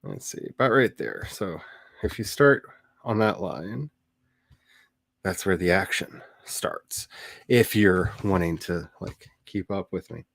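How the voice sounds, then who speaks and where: A middle-aged man hosting a writing livestream, chatty and animated, with quick laughs and dramatic asides. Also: low voice, gravelly, no echo. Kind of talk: casual livestream chat.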